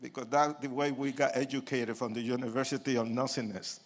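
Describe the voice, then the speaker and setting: A man's voice: mid-range voice, brisk. An older man preaching his testimony to an audience, telling his story vividly, acting out voices and joking in asides. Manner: animated storyteller, acts out quotes, bursts into shouts; addresses the audience directly, jokes in asides.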